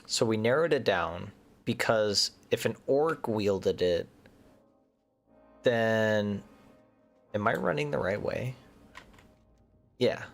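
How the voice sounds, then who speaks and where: A man chats through a game session, thinking out loud and now and then muttering nervously. His voice sits fairly low, with a gravelly rasp, and his pitch swings widely as he talks. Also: lively intonation, slow, pauses often, faint music behind. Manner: chatty, thinks aloud, mutters nervously under his breath. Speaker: gaming streamer. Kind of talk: casual commentary while playing a game.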